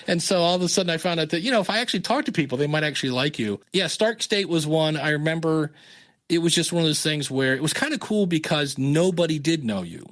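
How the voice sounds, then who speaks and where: A man's voice: fairly high pitch, quick pace. Guy in his 50s telling stories on a podcast, does little voices for the people he quotes, chatty. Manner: animated, acts out quoted dialogue. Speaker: podcast guest. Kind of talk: casual storytelling interview.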